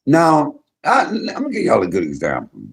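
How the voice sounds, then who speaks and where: A middle-aged man hosting a casual chat, telling profane, animated stories. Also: a little high, moderate pace, creaky. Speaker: host.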